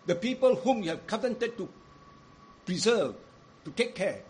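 A man preaching with a high voice, swinging between loud emphatic cries and low, quiet stretches as he quotes scripture. A faint hiss of noise sits behind him. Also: normal speed, pauses often. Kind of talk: sermon.

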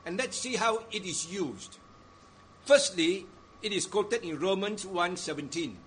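Slow, lively-pitched male preacher. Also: a little hiss or hum. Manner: deliberate, emphatic, stresses repeated phrases. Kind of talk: sermon.

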